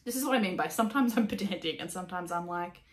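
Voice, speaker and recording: A chatty Australian woman hosts a knitting podcast in a relaxed, casual way. She swears freely, pokes fun at herself and laughs often. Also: fairly low pitch, quick pace. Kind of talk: casual chat.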